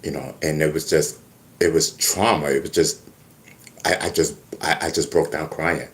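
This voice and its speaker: A man's voice: very deep voice, normal speed. A man talking casually to camera, stammering and restarting often as he tells stories. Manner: animated storytelling with many restarts and stammers. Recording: echoey room.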